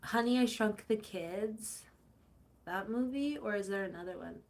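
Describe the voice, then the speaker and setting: A woman's voice: mid-range voice, a little slow. A young woman hosting a casual live stream, chatting to viewers, answering their comments and telling rambling stories. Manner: animated storytelling with playful quoted voices. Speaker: livestream host.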